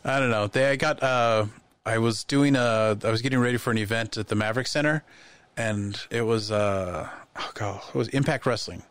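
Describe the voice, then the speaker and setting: A man in casual podcast chat, telling lively anecdotes and acting out the voices of people in them. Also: on the low side, moderate pace, clear, resonant tone. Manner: animated anecdotes, acts out quoted voices. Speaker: podcast guest.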